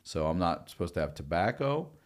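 A man's voice: deep voice, a little fast. A man telling stories in a casual podcast chat, cursing freely and acting out quoted dialogue. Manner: profane, animated storytelling with quoted dialogue. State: recovering from lung blood clots. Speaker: guest.

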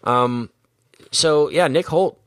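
A man's voice: fairly high pitch, slow, dry recording, clean studio sound. A man co-hosting a casual movie-review podcast, rambling and correcting himself as he talks, often laughing. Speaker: podcast co-host.

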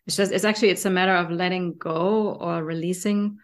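Woman, German accent, lowish pitch, enthusiastic podcast host, fillers like "right?". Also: steady tone, brisk. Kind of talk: casual chat.

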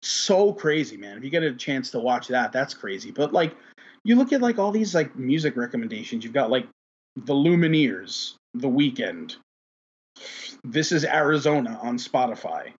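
Guy hosting a podcast, husky voice, rambly and sweary, kinda muffled lo-fi sound. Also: medium pitch, very animated, moderate pace. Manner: rambling, heavy on fillers, profane. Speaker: podcast host. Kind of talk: casual chat.

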